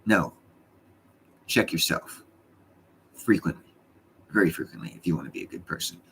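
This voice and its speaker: Man, deep voice, middle-aged, live stream host, rambling, blunt, swears a lot, faint background noise. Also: lively intonation, normal speed, creaky, a bit bright. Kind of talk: casual live stream chat.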